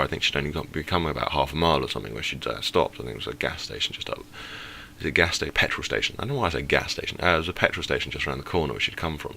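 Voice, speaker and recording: Young man, low bright voice, casual rambling storytelling, lots of ums. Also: creaky. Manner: rambling, many fillers and self-corrections. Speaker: gaming channel host. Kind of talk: casual storytelling over gameplay.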